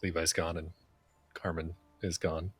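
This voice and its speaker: A man chatting in character in a roleplay game, halting and hesitant with many fillers. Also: low-pitched, level tone, husky. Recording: faint music behind.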